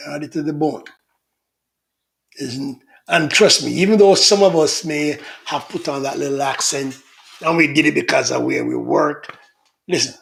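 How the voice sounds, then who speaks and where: His voice sits a little high and sounds creaky as this middle-aged Jamaican host runs a casual livestream. He reads viewer comments in a chatty, teasing manner and laughs a lot.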